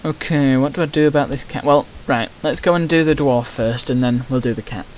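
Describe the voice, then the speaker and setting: Chatty gamer. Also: male voice, medium pitch, a little fast, slight background noise. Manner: chatty, wry asides. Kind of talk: casual gameplay commentary.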